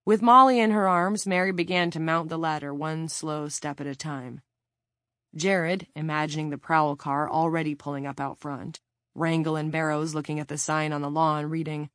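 A woman with a somewhat low voice narrates a novel in a steady, measured way. The recording is dry, with no room sound. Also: dry recording. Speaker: audiobook narrator. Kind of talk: scripted narration.

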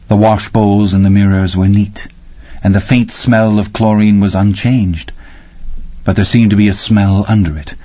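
A man narrating a story in a measured, even way. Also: fairly low pitch, no echo, lo-fi sound. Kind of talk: audiobook narration.

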